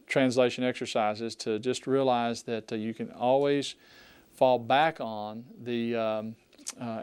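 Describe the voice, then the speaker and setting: Middle-aged male Greek teacher, mid-pitched and resonant, drilling vocabulary and then explaining in a rambling way. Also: a little mellow, clean tone. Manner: slow, deliberate pronunciation drills with repeated words; unhurried, rambling explanation with frequent fillers. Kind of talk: recorded vocabulary lesson.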